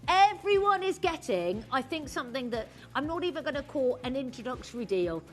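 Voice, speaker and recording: A woman's voice: sits high, big pitch swings, a little fast. A woman presenting jewellery on a live shopping channel, bubbly and gushing as she laughs and sells. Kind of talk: live TV sales pitch.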